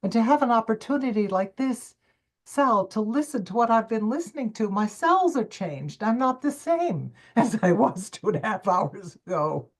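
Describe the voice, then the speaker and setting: A coach and former stage performer, an older woman, tells her life story in an interview as a summit guest speaker, quoting her own self-talk with emphatic, expressive delivery. Her voice is fairly high, at a normal speed.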